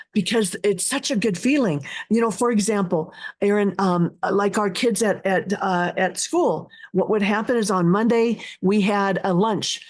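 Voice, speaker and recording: A middle-aged woman guest telling stories in an earnest, heartfelt way, with many restarts and fillers. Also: medium pitch. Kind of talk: casual interview talk.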